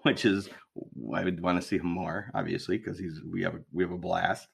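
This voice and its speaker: A man's voice: low voice, level tone, a little fast, creaky, husky. A man in his fifties, a grandfather, co-hosting a podcast in easygoing, teasing casual chat. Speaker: podcast co-host.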